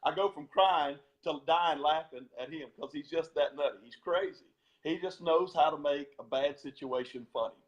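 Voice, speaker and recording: A man's voice: on the high side, moderate pace, dull audio. A man, a former gospel singer, tells stories as a guest in an interview, laughing often and repeating words as he goes. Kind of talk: storytelling interview.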